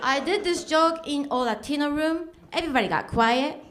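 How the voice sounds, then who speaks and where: A woman comedian telling a stand-up bit with dry, quick retorts. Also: sits high. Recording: noisy club recording.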